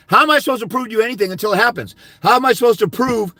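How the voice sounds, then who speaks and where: A man's voice: sits high, lively intonation, rapid-fire, hardly any pauses, bright, forceful tone, no echo. An older man, a fathers' rights consultant, delivering a blunt, profane monologue that berates his viewers.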